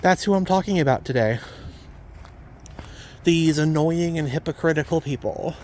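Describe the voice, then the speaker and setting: A man with a somewhat high voice delivers a ranting vlog monologue. He talks bluntly and indignantly and hammers the same points again and again. A faint hiss of background noise sits under his voice. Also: normal speed, a little mellow. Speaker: vlogger.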